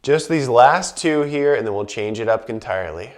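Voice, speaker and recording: Calm man guiding a breathing class. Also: mid-range voice. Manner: calm, unhurried cueing of breaths and movements; chatty asides between cues. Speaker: movement instructor. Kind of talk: guided breathing and movement class.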